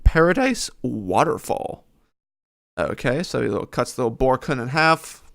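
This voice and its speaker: Gravelly-voiced man giving sarcastic commentary. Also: mid-range voice, a bit bright. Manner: sarcastic, critical, reads dialogue aloud. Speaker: streamer reacting to a comic chapter. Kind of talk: live reading reaction and commentary.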